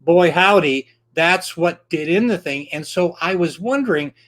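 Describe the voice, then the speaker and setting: A man tells an old tale in a loose, chatty way. His voice sits a little higher than most men's. He rambles, with plenty of filler words and false starts along the way. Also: expressive, unhurried, fairly bright tone. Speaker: storyteller. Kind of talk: casual historical storytelling.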